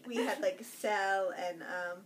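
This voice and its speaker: A woman co-hosting a podcast, telling family stories in casual, animated chat. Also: mid-range voice. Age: adult with a young son. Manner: animated storyteller, quick laughs. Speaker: podcast co-host.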